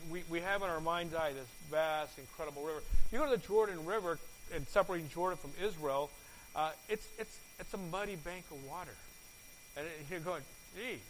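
A man preaching a sermon, asking his congregation questions and repeating words, his volume swinging from loud to soft. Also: fairly high pitch, slight background noise, rough recording. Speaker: pastor.

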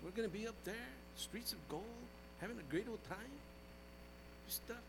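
Against background noise, a high-pitched male pastor preaches at a normal pace in church. He addresses the congregation directly, swinging from loud exhortation to hushed, folksy storytelling.

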